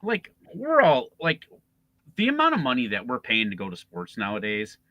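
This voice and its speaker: A man's voice: fairly low pitch, wildly swooping pitch, a little fast, no echo, dull audio. A man co-hosting a casual sports podcast, ranting with lots of swearing and laughter. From Chicago area. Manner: profane, ranting, laughing often. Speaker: podcast co-host.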